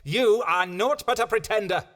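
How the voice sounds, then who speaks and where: A man's voice: high-pitched, normal speed, fairly bright tone. An actor playing a scheming man posing as an Italian merchant, with a put-on Italian accent and theatrical, old-fashioned speech. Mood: haughty. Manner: theatrical, mock-Elizabethan speech.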